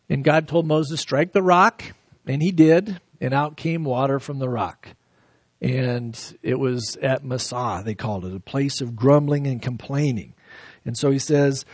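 A man preaching a verse-by-verse sermon, reading scripture slowly and then explaining it with lively emphasis. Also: fairly high pitch, no echo, studio quality. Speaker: pastor. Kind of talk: expository sermon.

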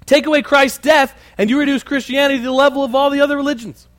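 A man preaching a sermon and telling a story, animated and conversational with many asides. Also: extremely high pitch, fast talker. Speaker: pastor.

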